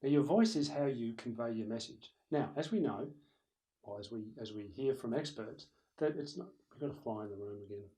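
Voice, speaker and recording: In a room with a camera operator, a man gives a recorded lecture on presentation skills, talking directly to the viewer and to someone in the room. Conversational and animated, he demonstrates loud and soft voices, speaking fairly quickly in a mid-range voice on a rough recording.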